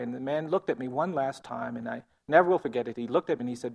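Man, mid-range pitch, gravelly texture; earnest, measured storyteller. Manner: earnest, measured, often quiet. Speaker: speaker telling a personal story. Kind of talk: storytelling talk.

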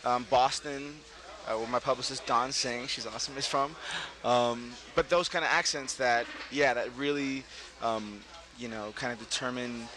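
A middle-aged man from Brooklyn, an actor being interviewed, telling stories casually and laughing often, jumping up in pitch when he quotes people. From Brooklyn, New York. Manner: animated, laughing, voices quotes with big pitch jumps. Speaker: actor, guest.

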